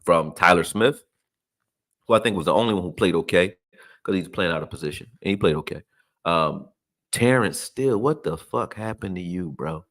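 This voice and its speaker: Animated, profane football ranter. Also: male voice, low voice, normal speed. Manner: blunt, profane, animated ranting with slang. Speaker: sports commentator. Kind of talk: casual football rant.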